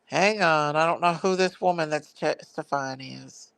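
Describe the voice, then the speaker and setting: A woman chats on a casual livestream from home, unhurried and a little flustered, always apologizing to her viewers. Her voice has a gravelly fry over a smooth, clear tone. The sound is close and dry. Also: deep voice, a bit bright, dry recording. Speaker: true crime streamer.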